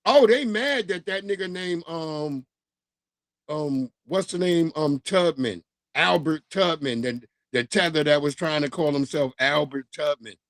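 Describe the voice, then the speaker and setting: High-voiced man telling profane stories. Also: unhurried, no room sound. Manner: profane, animated, mocking storytelling. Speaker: livestream host. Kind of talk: casual storytelling rant.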